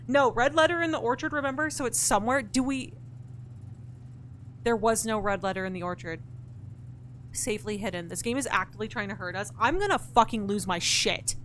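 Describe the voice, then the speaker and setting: A woman's voice: on the high side, moderate pace, fairly bright tone, slight background noise. A woman streaming a puzzle game, thinking aloud, talking back to her chat and to the game's characters, and swearing in frustration. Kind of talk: live-streamed gameplay chat.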